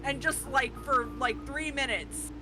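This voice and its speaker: A woman's voice: sits high, a little slow, very noisy. A woman chatting casually on a game stream, telling a story with lots of laughter. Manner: lively storyteller, laughs through her story. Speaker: player in a streamed tabletop game. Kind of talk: casual chat, telling an anecdote. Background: background music.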